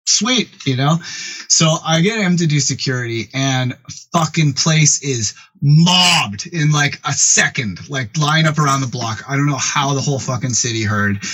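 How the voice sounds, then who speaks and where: A man's voice: mid-range voice, a bit bright, slightly rough, poor audio. A man in his late thirties telling a rambling, profane story as a podcast guest, full of "like.". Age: late 30s. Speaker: podcast guest, music producer and DJ. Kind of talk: casual storytelling chat.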